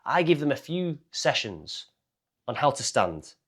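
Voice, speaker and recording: A man's voice: mid-range voice, very animated, a little slow, a bit bright, breathy edge. A man, a speaking coach, talking straight to camera in a blunt, self-mocking way and swearing casually. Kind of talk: casual direct-to-camera talk.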